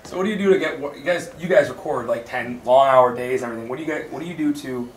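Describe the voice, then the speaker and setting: A man asking a voice actor a question at a press session, in a quick, rambling way. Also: medium pitch, crowd noise. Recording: roomy echo, faint ambience.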